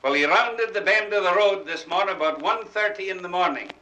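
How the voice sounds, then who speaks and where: A man's voice: high-pitched, fairly quick, sharp tone, muffled recording. A man with a Scottish accent telling jokes to a party crowd in a folksy style, chuckling as he goes. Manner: chuckling, folksy storytelling in dialect. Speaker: comedian.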